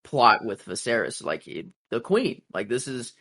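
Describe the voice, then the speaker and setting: Bright-voiced man musing on a podcast. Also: mid-range voice, sing-song, a little slow. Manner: filler-heavy, musing. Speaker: podcast co-host. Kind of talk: casual recap chat.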